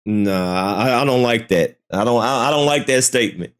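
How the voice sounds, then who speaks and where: A man's voice: medium pitch, moderate pace, clear, resonant tone. A man hosting a reaction video, giving casual skeptical commentary and repeating his doubts. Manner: skeptical, repeats himself, animated. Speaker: reaction channel host.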